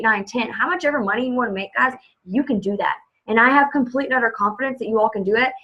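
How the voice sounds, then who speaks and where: A woman's voice: medium pitch, fairly bright tone. Young woman pep-talking her team over a video call, chatty and upbeat, kinda muffled audio. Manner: upbeat, chatty, lots of filler "like" and "you know". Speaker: team leader. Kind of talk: motivational video call talk.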